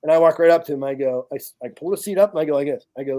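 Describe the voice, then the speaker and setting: A man from the United States talks casually and bluntly, his voice sitting a touch high for a man. He swears freely and jumps into acted-out bits of his own story with plenty of energy. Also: rapid-fire. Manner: blunt, profane, animated storyteller. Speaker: podcast guest, charity founder.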